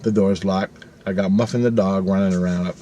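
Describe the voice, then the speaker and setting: Speaking fairly quickly in a low voice, with a little hiss or hum in the recording, a middle-aged man casually recounts something from his own life. His telling is profane and animated, and he performs the voices of the people he quotes.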